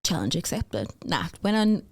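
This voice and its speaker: A woman's voice: on the low side, very animated, normal speed, gravelly, darkish tone, husky, no echo. A woman co-hosting a fitness podcast, chatting casually in a playful, teasing way. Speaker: podcast co-host, fitness coach. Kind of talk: casual chat.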